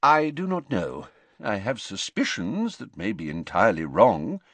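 Elderly wizard headmaster, read by a man, soft and unhurried, calm authority, dry booth. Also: fairly low pitch, no echo, heavily acted. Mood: grave, calm. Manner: quiet, measured, gentle.

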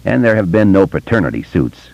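A man's voice: deep voice, sing-song, vocal fry, darkish tone, no room sound, muffled recording, exaggerated voice. A man doing a careful, solemn grown man. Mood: measured. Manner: measured, solemn.

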